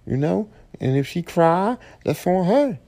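Male podcast host, gravelly and dark-toned, blunt profane AAVE rant. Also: high voice, very animated, unhurried. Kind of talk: solo podcast monologue.

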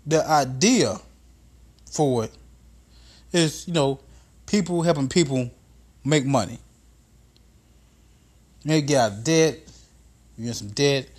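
A man's voice: mid-range voice, slow pace, pauses often, darkish tone, slightly rough. A man hosting a podcast, telling a profane comedic story in a casual monologue that builds into exasperated rants. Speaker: podcast host.

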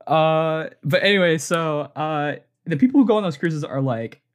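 Chatty young man with a higher voice. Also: normal speed. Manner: rambling, laughs often, heavy use of filler "like". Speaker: podcast co-host. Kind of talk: casual comedic storytelling.

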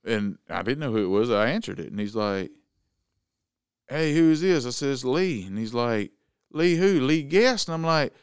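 Male host, lively storyteller, smooth clear voice, dry sound. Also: medium pitch, moderate pace, no echo. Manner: animated, acts out the quotes. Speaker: show host telling a story. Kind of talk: casual storytelling chat.

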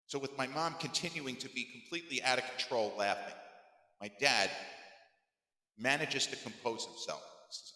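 A man around fifty telling a personal story on his podcast in an animated, emphatic way, his voice climbing high when he gets worked up. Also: fast. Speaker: podcast host. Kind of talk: storytelling monologue. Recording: echoey room with long reverb.

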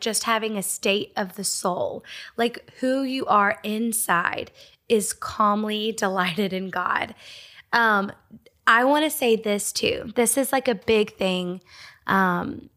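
A Christian ministry speaker, a young woman from Georgia, USA, shares a devotional teaching in a casual, warm storytelling style full of fillers and small laughs. Her voice is medium in pitch and her pace is slow.

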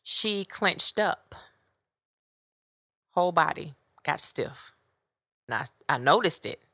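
A woman hosting a podcast, telling a story in a blunt, animated way. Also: low voice, takes it slowly, creaky, no room sound, clean studio sound. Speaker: podcast host. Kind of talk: casual storytelling monologue.

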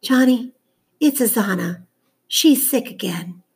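A woman's voice: on the high side, expressive, slow pace, darkish tone, slightly rough, voice pushed up, exaggerated voice. A woman voicing an anxious, fretful young girl who pleads in a raised voice, reading a storybook. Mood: worried. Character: anxious fretful girl, older sister figure.

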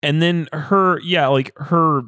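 A man's voice: a little high, fairly even intonation, slow pace, sharp tone, dry recording. Rambling man with a dry, close sound. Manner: rambling, loose and profane with many fillers. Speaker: podcast co-host. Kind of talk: casual movie review chat.

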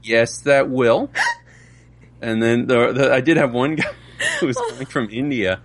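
A man's voice: mid-range voice, huge pitch swings, moderate pace, slight background noise. A man, a father and voice actor, chatting in a casual interview and laughing often. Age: adult with children. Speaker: voice actor guest.

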